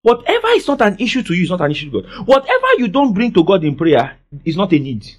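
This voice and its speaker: A man delivers a sermon in a high, lively voice. He leans on call-and-response and swings from soft to loud. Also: quick pace. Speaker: pastor. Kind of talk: preaching a sermon.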